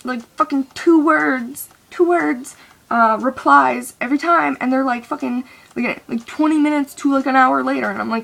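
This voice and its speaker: A young woman vents in a loose, rambling way, swearing freely and restarting her sentences. Her voice sits somewhat high but has a gravelly, creaky edge. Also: moderate pace, fairly bright tone. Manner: rambling and profane, with many restarts. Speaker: vlogger. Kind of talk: casual venting monologue.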